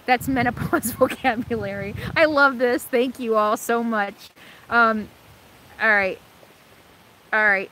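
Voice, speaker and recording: A woman's voice: fairly high pitch, slow, pauses often, bright, forceful tone, a little hiss or hum, rough recording. A middle-aged woman hosting a casual livestream from her RV, chatting and reading viewer comments, laughing often and poking fun at herself, with sinus trouble from allergies. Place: in an RV in Alaska.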